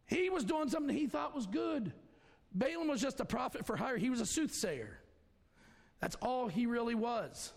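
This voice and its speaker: A male pastor preaching a folksy sermon, swinging between shouts and hushed asides. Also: extremely high pitch, lively intonation, normal speed, vocal fry. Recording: long hall reverb.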